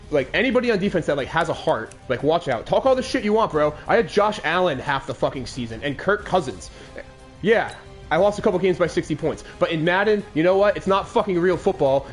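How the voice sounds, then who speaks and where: A man in his twenties hosting a game commentary show, recapping a lost Madden game in a crude, aggrieved rant. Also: on the high side. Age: 20s.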